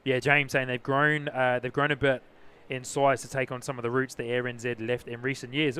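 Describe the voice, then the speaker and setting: A man's voice: mid-range voice, moderate pace, few pauses, fairly bright tone, clean tone. A man with a New Zealand accent hosting a casual live plane-spotting stream outdoors, chatting and greeting viewers. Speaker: livestream host, plane spotter. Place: outdoors near an airport.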